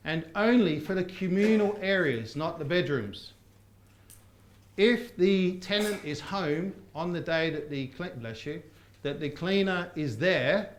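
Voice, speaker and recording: The trainer, a cheerful man whose voice sits slightly high, teaches property skills live, keeping the audience engaged with call-and-response questions. Recorded in a seminar room with listeners present, the sound is echoey and roomy.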